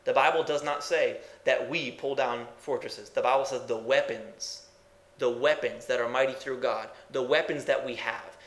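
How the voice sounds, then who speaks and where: A man's voice: medium pitch, fairly even intonation, normal speed, a bit bright, reverberant. A man preaching a sermon in a folksy, emphatic way. He asks the congregation questions and then answers them himself. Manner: folksy, says "ain't", builds to emphatic bursts.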